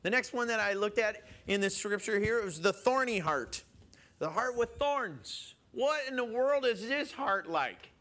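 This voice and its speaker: A man preaching a sermon in an animated way, questioning his listeners and chuckling as he goes. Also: high voice, a little slow. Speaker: pastor.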